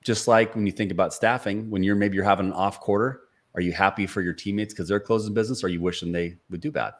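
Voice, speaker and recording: A very low-voiced man in his forties sits as a podcast guest. He tells stories in an earnest, motivational way, often restarting his sentences and leaning on fillers. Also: steady tone, fast. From Seattle area. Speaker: podcast guest, sales speaker and author. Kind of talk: conversational storytelling interview.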